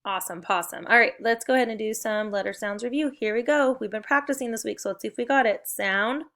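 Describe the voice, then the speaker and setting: A woman's voice: a little high, quick pace, a bit bright. A young adult woman, leading a recorded spelling and phonics lesson for young children with cheerful, encouraging call-and-response prompts. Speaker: teacher.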